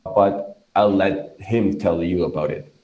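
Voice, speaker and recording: A slow, low-pitched voice with a darkish tone belongs to a podcast host from Colombia, a native Spanish speaker with a Colombian Spanish accent. He interviews a guest, hesitating often with fillers, and the recording sounds echoey.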